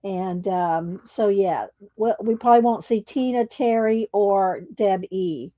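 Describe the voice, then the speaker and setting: A woman, hosting a casual livestream, chatting slowly with viewers and laughing often, her voice a little croaky. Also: mid-range voice, dark tone, no echo. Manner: slow, chatty, laughs often, Southern "y'all". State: slightly croaky voice. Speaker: livestream host.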